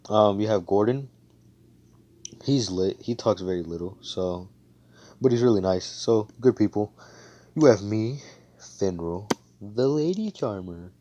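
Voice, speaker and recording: Brief: young man, laid-back slangy storyteller, deep voice. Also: a little slow, pauses often, dark tone, muffled recording, slight background noise. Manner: casual, slangy, profane, many fillers. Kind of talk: casual fan-fiction retelling.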